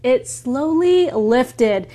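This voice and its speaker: A woman teacher slowly explaining words in a story for English learners. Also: high-pitched, lively intonation, mellow. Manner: slow, clear explanations.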